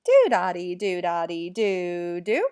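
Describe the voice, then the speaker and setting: A woman's voice: lowish voice, sing-song, slow pace, darkish tone, clean tone. A woman teacher recording a music lesson at home, chanting rhythm syllables and talking straight to the children watching.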